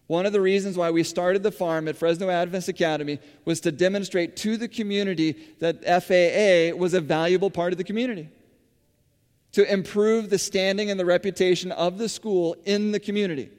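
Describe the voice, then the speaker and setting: A man's voice: high voice, fairly even intonation, fairly quick, a little mellow. A man giving a conversational sermon, telling stories full of fillers and restarts in a church hall. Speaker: church speaker running a school farm. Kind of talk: sermon-style storytelling. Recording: long hall reverb.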